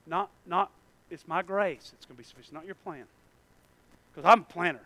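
A pastor preaching a sermon, swinging from soft, mumbled asides to loud, stretched-out cries. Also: male voice, fairly high pitch, normal speed, pauses often, no room sound.

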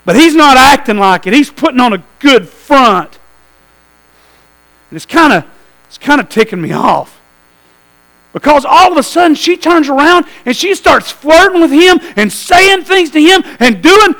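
A man preaching a sermon to a church, telling a story with lively asides and calls to the congregation. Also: very high voice, measured pace, rough recording. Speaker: pastor.

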